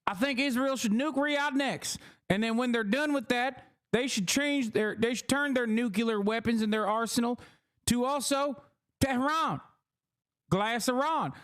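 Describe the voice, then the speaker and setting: A man's voice: very high-pitched, a little slow, fairly bright tone, clean tone, pitched above the performer's own voice. A man putting on a Southern US accent to mock an older, blustering, hawkish senator. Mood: bombastic. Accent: Southern US, put on. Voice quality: bombastic, mocking.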